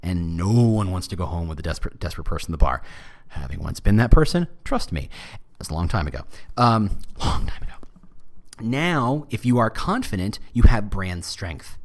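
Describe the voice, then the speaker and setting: A man's voice: sits low, sing-song, normal speed. A man hosting a podcast, talking alone in a loose, joking, conversational way. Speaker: podcast host. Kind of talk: solo podcast monologue.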